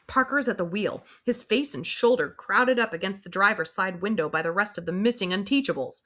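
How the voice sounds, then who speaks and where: A woman's voice: on the low side, pushed and bright. Woman reading a wry first-person audiobook. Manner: wry, dry storytelling. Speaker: audiobook reader.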